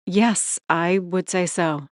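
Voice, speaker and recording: A woman reads as a young undercover female journalist in an audiobook, earnest and a bit nervous. She sits a touch higher than the narration, close and dry on the mic. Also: steady tone, takes it slowly, no room sound. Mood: uneasy.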